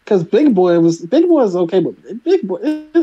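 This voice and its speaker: A man's voice: sits high, very animated, moderate pace, warm tone, dull audio, soft background music. A man with a Philadelphia accent co-hosting a casual review chat, rambling with lots of restarts and fillers. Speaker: podcast co-host.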